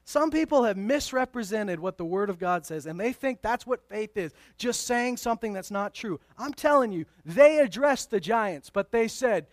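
A male pastor preaching a sermon, emphatic and conversational, moving from loud declarations to hushed asides with playful remarks. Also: high voice, lively intonation, normal speed, hardly any pauses, no room sound.

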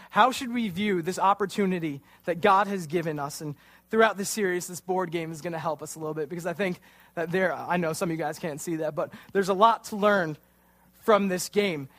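In church, a youth pastor in his twenties with a high, fairly bright voice gives a casual youth sermon, poking fun at himself while telling a funny story and performing the quoted lines.

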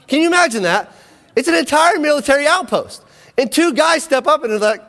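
A man's voice: extremely high pitch, quick pace, vocal fry, in a large hall. A man preaching a sermon, retelling a Bible story with energy, acting out the quotes and checking in with his listeners. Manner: energetic storytelling, acts out quotes, asks the audience.

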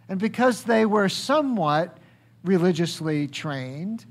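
A man preaching a sermon, asking the congregation questions and acting out quoted speech, swinging high and dropping low for emphasis. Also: animated, takes it slowly. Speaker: pastor.

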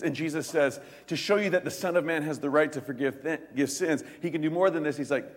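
A man preaching a sermon as pastor, telling stories in an animated way and acting out the quoted lines in quick voices. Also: a little high, big-room sound.

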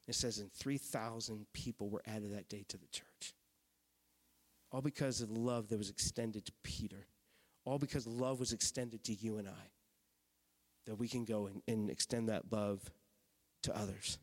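A man preaching a sermon to his church, conversational and emphatic, sometimes dropping to a hushed intensity. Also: medium pitch, moderate pace. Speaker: pastor. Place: church sanctuary. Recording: long hall reverb.

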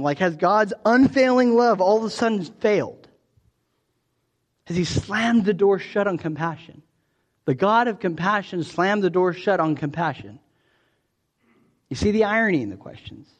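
Man, pastor, conversational sermon, slightly high voice, frequent restarts. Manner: conversational preaching with many restarts.

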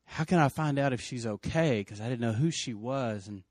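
A man's voice: medium pitch, normal speed, no room sound, clean studio sound. A middle-aged man earnestly retelling an emotional story, with many restarts. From West Texas. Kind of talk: personal storytelling.

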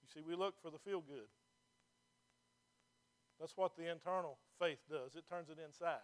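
A man's voice: a little high, normal speed. A male pastor preaching a sermon to his congregation in a church, emphatic and throwing rhetorical questions at the listeners.

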